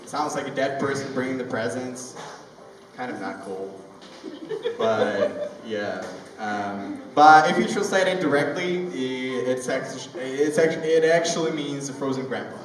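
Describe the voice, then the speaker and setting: A young man from Ukraine with a Ukrainian accent, a native Russian speaker doing stand-up at an open mic in a rambling storytelling way. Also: medium pitch. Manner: rambling, conversational storytelling with halting restarts. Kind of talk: stand-up comedy. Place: comedy club open mic. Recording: echoey room, mic far off, ambient noise.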